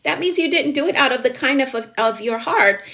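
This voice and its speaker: A woman productivity coach giving a live coaching talk, emphatic and animated, stressing her points with sudden lifts. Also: sits high, brisk.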